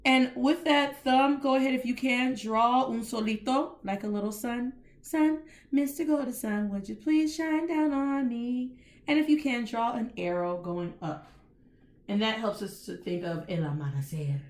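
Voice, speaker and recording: A woman's voice: on the high side, fairly bright tone. A woman hosting a casual Spanish lesson, chatty and informal, switching between English and Spanish and spelling words out letter by letter. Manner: informal colloquial speech with "y'all". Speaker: Spanish teacher and host. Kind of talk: casual teaching monologue.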